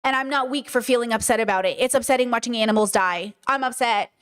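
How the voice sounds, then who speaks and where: High-voiced woman earnestly lecturing her chat. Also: fast, fairly bright tone, smooth. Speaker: live stream host. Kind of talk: livestream commentary to chat.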